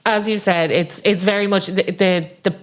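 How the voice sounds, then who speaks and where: A woman's voice: mid-range voice, normal speed. A woman hosting a podcast, casually and animatedly recapping a reality show. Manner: animated retelling, acts out quotes. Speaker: podcast host. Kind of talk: casual pop culture chat.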